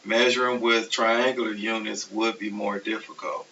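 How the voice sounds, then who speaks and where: A man teaching a recorded math lecture, explaining steps slowly and methodically. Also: fairly low pitch. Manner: steady, methodical explaining, self-correcting. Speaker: math instructor. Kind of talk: recorded lecture over slides. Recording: distant, dull, hissy classroom recording.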